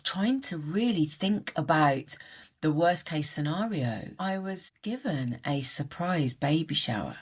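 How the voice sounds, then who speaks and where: A woman's voice: measured pace, husky. A middle-aged woman speaking candidly as a guest on a podcast, her voice leaping up and down as she tells her story. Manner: animated, voice jumping up and down in pitch. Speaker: guest coach.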